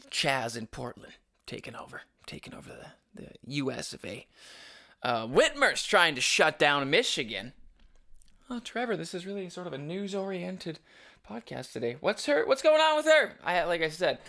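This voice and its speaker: A man's voice: medium pitch, gravelly, bright, forceful tone. A young adult man hosting a casual solo podcast, rambling and opinionated with frequent restarts. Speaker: podcast host.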